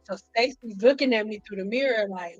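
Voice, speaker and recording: A woman hairstylist telling stories in a casual vlog, animated and acting out what people said. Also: medium pitch, fairly quick, slightly rough. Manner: animated, acts out quotes, frequent "like". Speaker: hairstylist vlogger. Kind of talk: casual storytelling to camera. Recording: dull lo-fi sound with faint music behind.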